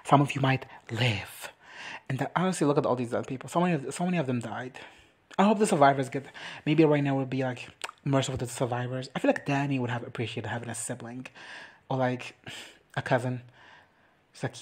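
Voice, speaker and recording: Sassy husky-voiced man doing a recap. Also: mid-range voice, lively intonation. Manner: sassy, campy, swears freely, acts out characters in quick quoted lines. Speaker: reaction recap vlogger. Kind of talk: crude comedic recap commentary.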